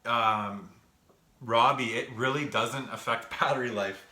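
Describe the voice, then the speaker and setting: A man's voice: medium pitch, a little slow, sharp tone. A young man chatting casually on a livestream while working, out of breath and rambling with fillers. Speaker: gaming vlogger answering live chat. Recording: echoey room, faint background noise.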